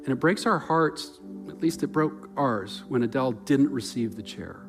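Earnest pastor man, loud to hushed. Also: mid-range voice, animated, moderate pace, music in the background. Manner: earnest, swings from loud emphasis to near-whispered softness. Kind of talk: sermon.

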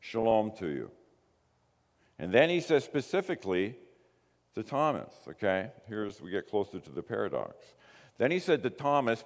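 A man preaching a sermon, telling the story in a lively way and acting out the quoted lines. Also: lowish voice, moderate pace. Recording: long hall reverb.

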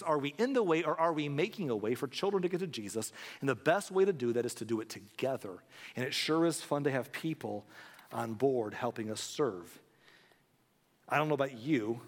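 A man's voice: medium pitch, animated, fairly quick. A man preaching a sermon as pastor, making an earnest, pleading appeal to his congregation. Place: church sanctuary. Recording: long hall reverb.

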